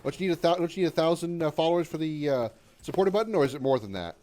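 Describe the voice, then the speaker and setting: A man's voice: fairly high pitch, very fast, a little mellow. A man in his thirties livestreaming a video game, chatting casually with his viewers, joking and swearing while he plays. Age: 30s. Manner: chatty, profane, reads chat aloud, frequent fillers. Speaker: gaming livestreamer. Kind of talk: casual live-stream chat while gaming.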